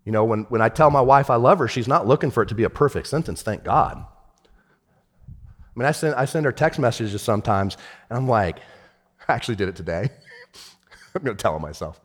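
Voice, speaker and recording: A man preaching a sermon as pastor, animated, swinging from shouted lines to hushed ones. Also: medium pitch, brisk, pauses often, long reverb tail.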